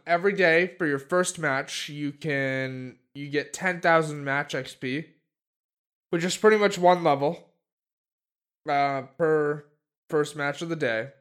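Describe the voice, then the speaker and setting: Podcast co-host, male, slightly high and smooth voice, rambling casual chat full of fillers. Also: fairly bright tone.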